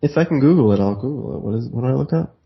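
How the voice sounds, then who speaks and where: A man's voice: medium pitch, animated, racing, gravelly, breathy edge, dull audio. A man co-hosting a podcast over a remote call, chatting casually in a dry, teasing, amused way. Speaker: podcast co-host. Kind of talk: casual chat. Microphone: remote call microphone.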